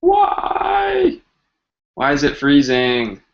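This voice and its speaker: Brief: male live-stream teacher, animated delivery, bright tone, dull lo-fi audio. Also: mid-range voice, unhurried, a little hiss or hum. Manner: chatty, joking, animated. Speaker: language teacher hosting a live Q&A. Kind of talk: casual live-stream lesson.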